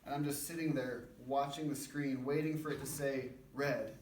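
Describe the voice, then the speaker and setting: A man's voice: mid-range voice, fairly even intonation, normal speed, darkish tone. A young man giving an informal, conversational sermon at a church men's breakfast, with a self-deprecating manner. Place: church gathering room. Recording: roomy, distant mic, faint background noise.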